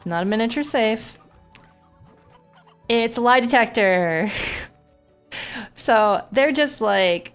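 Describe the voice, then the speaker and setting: A woman streamer in casual gameplay commentary, telling stories in a chatty, animated way and swearing often. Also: on the high side, slow pace, long pauses, clear, resonant tone, soft background music.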